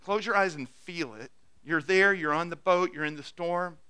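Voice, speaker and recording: A man preaching a sermon as pastor, earnestly urging his congregation, swinging from loud exhortation to quiet, intimate asides with frequent restarts. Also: on the high side, moderate pace, clean tone, dry recording.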